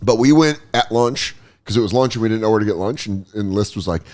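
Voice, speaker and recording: A man's voice: fairly low pitch, quick pace. A man hosting a podcast, chatting casually and acting out voices in his stories. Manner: animated storyteller, acts out quoted voices. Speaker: podcast host. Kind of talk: casual chat. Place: podcast studio.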